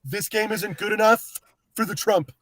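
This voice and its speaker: A man's voice: high-pitched, moderate pace, a crowd in the background, lightly acted, poor audio. A man putting on a boastful older politician, bragging in repetitive superlatives.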